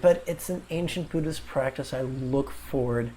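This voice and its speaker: A man's voice: mid-range voice, normal speed, dark tone, slight background noise. A man teaching meditation in a video lesson, wry, with playful asides.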